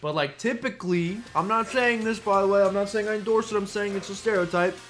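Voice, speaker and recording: A man's voice: high-pitched, a little fast, a bit bright. A man giving casual, playful commentary while playing a video game, chatting and muttering asides. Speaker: let's play streamer. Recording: faint game music behind.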